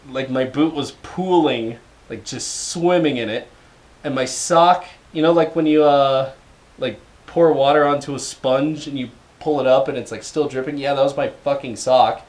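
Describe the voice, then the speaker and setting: A young man co-hosting a podcast, telling a story in casual chat with profanity and frequent laughter. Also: medium pitch. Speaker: podcast co-host.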